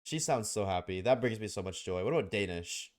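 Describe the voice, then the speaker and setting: A man's voice: fairly low pitch, expressive, fairly quick. A man streaming live, chatting casually and joking with his viewers, often laughing.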